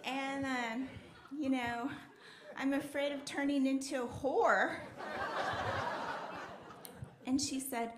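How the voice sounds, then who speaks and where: A woman's voice: sits high, fairly even intonation, takes it slowly, pauses often. Chatty woman comic in a roomy club. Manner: chatty storytelling with frequent fillers. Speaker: stand-up comedian. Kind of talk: stand-up comedy set. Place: comedy club stage. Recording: roomy club with faint noise.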